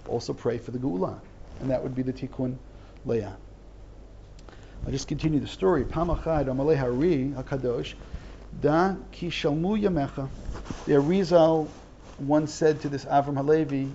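Speaking fairly quickly in a creaky, dark, mid-range voice, this middle-aged teacher reads Hebrew text and renders it into translation one line at a time. His explanations are earnest, broken up by repeated false starts. There's a bit of hiss or hum on the dull lo-fi recording.

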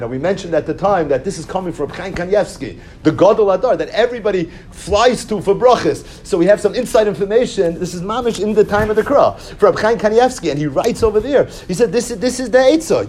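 A man teaching a Talmud class through storytelling, sprinkling Hebrew and Yiddish terms and jumping high when he quotes people. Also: darkish tone, slight background noise. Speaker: Torah teacher.

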